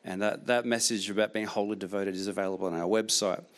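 A man's voice: fairly low pitch, fairly even intonation, fast talker. A man preaching a sermon as pastor, repeating key phrases emphatically, with frequent restarts.

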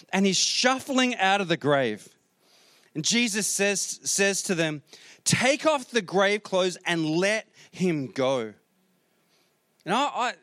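Earnest higher-voiced male pastor preaching. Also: no echo. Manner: earnest, repeats words, shifts between soft reading and rising exhortation. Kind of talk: sermon. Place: church hall with congregation.

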